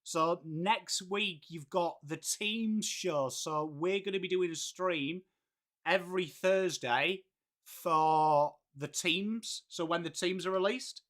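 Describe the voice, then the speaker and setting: A high-pitched Englishman in his late thirties, with a bright, forward voice. He hosts a live stream in a loose, chatty way and calls everyone mate. He greets viewers by name. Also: slow. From England. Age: late 30s. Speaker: livestream host. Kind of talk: casual live-stream chat.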